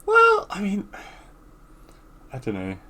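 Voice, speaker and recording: A man's voice: sits high, huge pitch swings, takes it slowly, sharp tone. A man co-hosting a podcast, talking in a laid-back way, trailing off and swearing casually. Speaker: podcast co-host. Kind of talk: casual chat.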